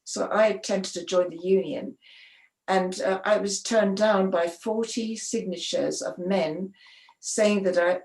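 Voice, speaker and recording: A woman, a sports photographer, telling stories in a conversational interview, animated and often restarting her sentences. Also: mid-range voice, a little slow. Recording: roomy echo.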